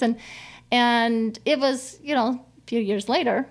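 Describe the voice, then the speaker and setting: A middle-aged woman telling a personal story as an interview guest, in a heartfelt, halting way with many restarts. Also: a little high, steady tone. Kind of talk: conversational interview.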